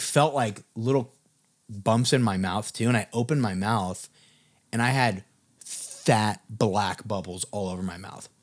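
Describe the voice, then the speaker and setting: A young man who works as a music business coach tells a personal story to camera in a mid-range voice. He keeps it casual, packed with fillers and swearing.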